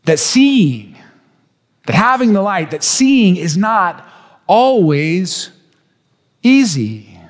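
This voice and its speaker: A man's voice: sits high, sing-song, drawn-out words, long pauses, in a large hall. A man pastor delivering a sermon, driving his points home with emphatic rhetorical questions. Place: church sanctuary.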